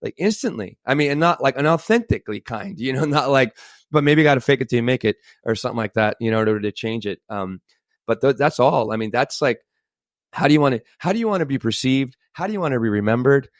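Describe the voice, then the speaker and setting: A man co-hosting a casual podcast, talking in a rambling, animated way with restarts and the odd swear word. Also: mid-range voice, fast talker, no echo, clean studio sound. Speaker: podcast co-host.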